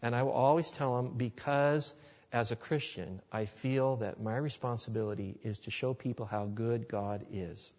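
A man's voice: mid-range voice, steady tone, moderate pace, darkish tone. A man speaker telling personal stories in an earnest, folksy way during a sermon to a live audience. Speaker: Christian speaker. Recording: dull lo-fi recording in a reverberant hall.

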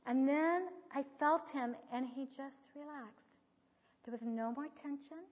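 A middle-aged woman giving an earnest teaching talk with a personal story, soft-spoken and often sinking to a near whisper. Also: sits high, a little slow. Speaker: speaker on child training. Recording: dull lo-fi sound with long hall reverb.

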